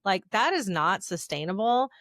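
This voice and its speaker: A woman's voice: mid-range voice, very animated, moderate pace, fairly bright tone, dry recording, studio quality. A woman hosting a podcast, who affirms her guest and laughs along with what she says. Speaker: podcast host. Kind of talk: casual podcast conversation.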